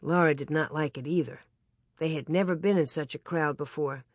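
An audiobook narrator reading a children's story aloud in an even, clear way. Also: mid-range voice, normal speed, no echo, studio quality.

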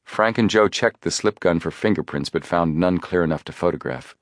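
A man narrating an audiobook with measured storytelling. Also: low voice, no room sound, studio quality. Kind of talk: scripted narration.

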